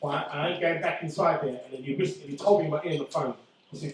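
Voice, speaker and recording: A middle-aged man doing stand-up comedy, loud and swearing as he teases the crowd. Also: a little high, steady tone, fast talker, far from the mic. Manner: loud, swearing, teasing banter. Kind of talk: stand-up comedy with audience banter. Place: indoor comedy venue. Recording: echoey room, voice from afar, faint noise.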